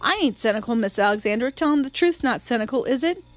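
A woman's voice: on the high side, lively intonation, fast talker, dry recording, lightly acted. A blunt, cynical young boy grumbles his complaints, voiced by a woman reading the book. He sounds stubborn and plain-spoken. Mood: grumbling.

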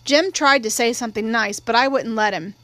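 A woman reading a novel aloud in first person, with a measured, wry storytelling manner. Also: on the high side, sharp tone, no echo. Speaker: audiobook reader. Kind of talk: first-person literary narration. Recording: dry, close studio read.

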